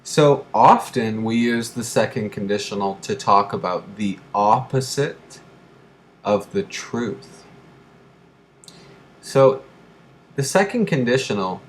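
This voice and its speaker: Male grammar teacher, slow and deliberate delivery, repeats examples, faint background hiss. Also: on the low side, expressive. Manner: slow, deliberate, repeats key phrases for learners. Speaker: English teacher. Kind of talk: grammar lesson.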